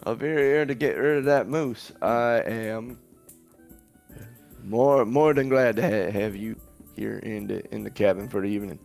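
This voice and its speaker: A man's voice: on the low side, unhurried, vocal fry, a little mellow, faint music behind. A man voicing a big, grumpy male goliath logger who talks in a rambling, rustic backwoods way. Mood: folksy.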